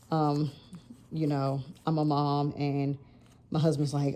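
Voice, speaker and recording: A woman in her thirties talks through her planner decorating in a loose, rambling way, often correcting herself and laughing between thoughts. Her voice sits low and mellow, and the whole thing feels like an easygoing chat. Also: flat delivery, takes it slowly, long pauses. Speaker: planner vlogger. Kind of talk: casual chatty vlog narration.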